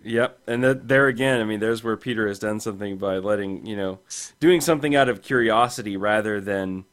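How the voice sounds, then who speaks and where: A man's voice: on the low side, brisk. A man co-hosting a casual podcast, hesitant, with many restarts as he gives his view. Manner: hesitant, lots of fillers and restarts. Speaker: podcast co-host, comics reviewer.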